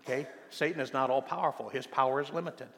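An older American man preaching a sermon as pastor. He talks emphatically, slows down to stress key phrases and uses plenty of fillers. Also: medium pitch, fairly even intonation, fairly bright tone. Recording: long hall reverb.

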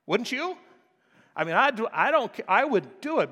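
A male pastor preaching a sermon, swinging from quiet explanation to loud, emphatic passages. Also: very high-pitched, very animated, normal speed, slightly rough, big-room sound. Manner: preaching with rising intensity, shifting from quiet to loud.

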